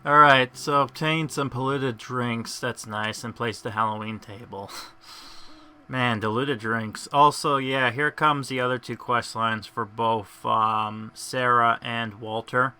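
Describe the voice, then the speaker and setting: A man casually commenting over his gameplay in a chatty, rambling, excitable way. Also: medium pitch, slow pace, smooth. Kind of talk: casual let's-play commentary.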